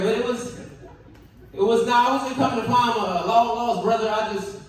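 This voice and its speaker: A man's voice: very high voice, moderate pace. A young man from the Caribbean doing a loose, profane stand-up set, chuckling at his own jokes on a comedy club stage. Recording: echoey club from far off, faint noise.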